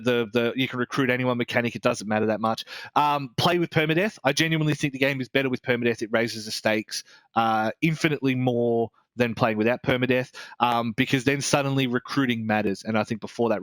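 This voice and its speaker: An Australian man giving a game review in loose, casual chat. He talks in a rambling, candid way, restarts often, and swears without a second thought. His voice sits at an ordinary middle pitch. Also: fairly bright tone, clean tone, no echo.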